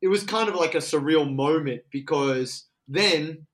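Man, Australian accent, slightly higher voice, excitable, slangy, casual storytelling. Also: a little slow.

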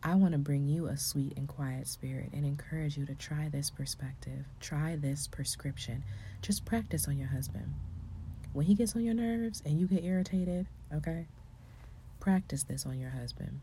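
Low, warm woman giving a faith pep talk. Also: moderate pace, slight background noise. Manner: earnest, coaching, sometimes breathy and hushed, then rising into emphatic exclamations. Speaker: faith and relationship speaker. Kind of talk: motivational faith talk to women.

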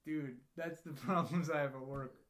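A man's voice: on the high side, fairly even intonation, moderate pace, a bit bright. A young man chatting casually as a podcast guest, rambling through stories and imitating people he meets. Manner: rambling storytelling, often mimics people. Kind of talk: casual chat.

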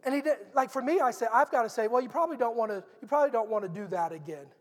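A man's voice: very high-pitched, rapid-fire, in a large hall. A middle-aged man preaching a sermon in an earnest, conversational storytelling manner.

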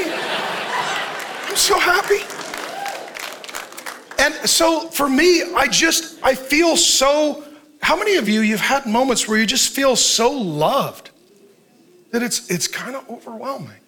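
Animated middle-aged man preaching, bright voice. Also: high-pitched. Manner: animated, shouting peaks, drops to soft tender asides; laughs often, self-deprecating humor. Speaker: pastor. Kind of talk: sermon.

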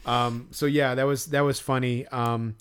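A man's voice: mid-range voice, flat delivery, a little slow, clear, resonant tone. A man co-hosting a podcast, telling a story casually, laughing as he talks and imitating others. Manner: chatty storyteller, laughs while talking, mimics others. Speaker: podcast co-host. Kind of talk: casual chat.

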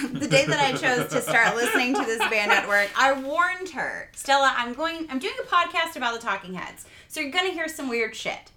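A woman on a casual podcast telling an animated anecdote, giggling as she talks. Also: high-pitched, moderate pace, slight background noise. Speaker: podcast guest. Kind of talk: casual storytelling chat.

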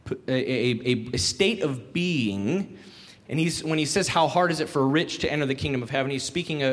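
A man's voice: a little high, fairly bright tone. A man preaching a sermon in a conversational way, acting out quotes and asking the congregation questions. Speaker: pastor. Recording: long hall reverb.

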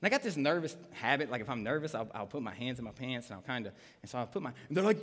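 A man's voice: mid-range voice, racing, hardly any pauses. A man in his thirties, a pastor telling a story in a live sermon and acting out the voices of the people in it. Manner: animated, acts out quoted lines. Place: church auditorium. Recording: long reverb of a live church hall.

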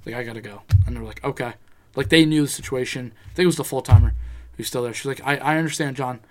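A man's voice: medium pitch, fast. A man in casual chat, telling a rambling personal story, swearing freely and acting out what people said.

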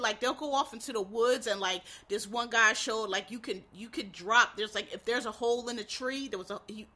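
Woman, casual rambling chat, profane, exasperated, bright tense voice. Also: fairly high pitch.

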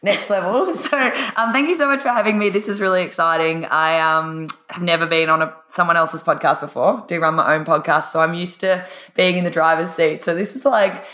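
A woman with a husky, low voice talks as a podcast guest. She rambles with enthusiasm and laughs easily. The room gives her voice a noticeable echo. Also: a little fast, hardly any pauses, a bit bright. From Australia. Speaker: podcast guest, life coach. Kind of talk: casual interview chat.

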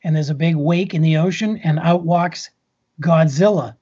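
Husky high-voiced man cracking jokes. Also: fairly even intonation, dark tone, lo-fi sound. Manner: jokey, quick quips. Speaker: podcast co-host. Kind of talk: casual chat.

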